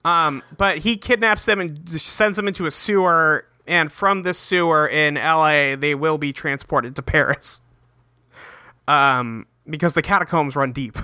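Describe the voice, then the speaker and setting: A man co-hosting a casual podcast, recapping a cartoon episode in a profane, joking way and tossing in quick quoted lines. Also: fairly high pitch, sharp tone. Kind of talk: casual chat.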